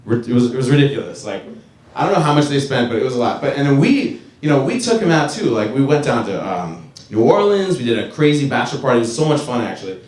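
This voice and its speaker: A man in his thirties doing a stand-up comedy set on a club stage, talking in a loose, rambling, profane way and shouting his punchlines. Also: mid-range voice, very animated, fast. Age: 30s. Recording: roomy club with crowd laughter. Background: laughing audience.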